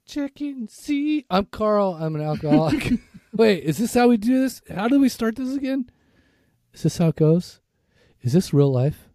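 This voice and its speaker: A man co-hosts a laid-back podcast while nursing a sore throat, so his voice sounds rough. His tone is dark and mellow, recorded close and dry with no room sound. He rambles and stumbles through his lines, poking fun at himself. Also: very high voice, sing-song, measured pace, dry recording. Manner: rambling, stumbling, self-mocking. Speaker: podcast co-host. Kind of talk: casual chat.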